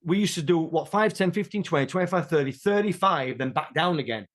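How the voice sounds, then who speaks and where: A man, an interview guest telling rambling, animated stories in casual chat. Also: fairly high pitch, a little fast. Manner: animated, rambling, many restarts.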